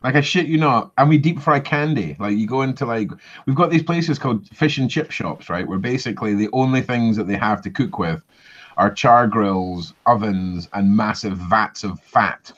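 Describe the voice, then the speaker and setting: A Scottish man with a lowish voice tells animated, swear-filled stories in casual chat. The recording is a bit muffled and lo-fi. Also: normal speed. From Scotland. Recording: slightly muffled lo-fi audio.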